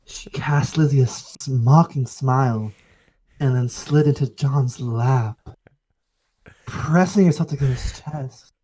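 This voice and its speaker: On a rough-sounding recording, a man with a mid-range, dark-toned voice streams himself reading a visual novel aloud at a slow pace. Between narrated lines he tosses casual, joking asides to his chat.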